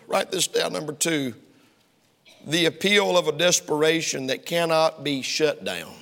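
A male pastor preaching a sermon in a church, folksy and emphatic, climbing to loud heated preaching. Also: fairly high pitch, expressive, normal speed, vocal fry. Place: church sanctuary. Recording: long reverb of a church hall.

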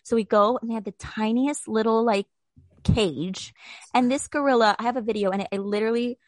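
A woman's voice: on the high side, fairly quick, dry recording. Chatty profane woman podcast host. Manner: rambling, profane storytelling with laughter. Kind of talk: casual chat.

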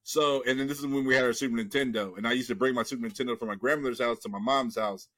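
A man's voice: medium pitch, very fast, fairly bright tone. A man hosting a podcast, telling a long profane story in casual chat and acting out the voices of the people in it. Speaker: podcast host.

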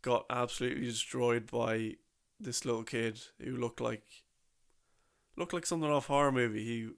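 A man's voice: mid-range voice, fairly even intonation, moderate pace, creaky. A young man telling a rambling, casual story about a trip, full of slang and restarts.

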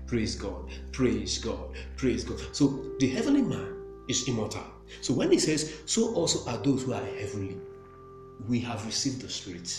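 A man preaching a sermon with emphasis, repeating phrases and breaking into praise. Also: medium pitch. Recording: echoey room with music behind.

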